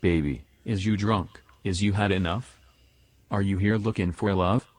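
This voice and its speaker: A man's text-to-speech robot voice reciting song lyrics flatly, as a quiz clue. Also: deep voice, normal speed, no echo, pitched below the performer's own voice. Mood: deadpan. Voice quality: flat computer-generated speech. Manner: sing-song lyric recital, spoken not sung.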